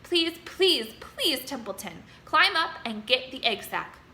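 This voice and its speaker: A woman's voice: on the high side, sing-song, measured pace, bright, forceful tone, a little hiss or hum, heavily acted. A woman voicing a young male pig from a storybook, earnest and panicky, crying out and pleading. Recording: roomy room echo.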